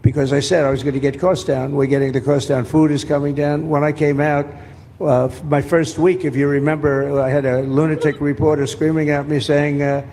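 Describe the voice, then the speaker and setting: A man delivers a boastful, rambling public speech. His voice is on the high side for a man, with a dark, mellow tone. The clip carries a long hall reverb and a faint hiss of background noise. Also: little pitch movement, fairly quick. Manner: boastful, repetitive, off-the-cuff. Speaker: politician speaking at a roundtable.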